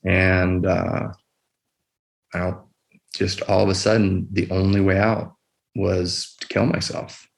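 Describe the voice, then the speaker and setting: A middle-aged man speaks in a low, gravelly voice with very little rise and fall. As an emergency physician guest on a podcast, he tells his story in a quiet, measured way, pausing often. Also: flat delivery. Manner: quiet, measured retelling with many pauses. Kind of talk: personal story in a podcast interview.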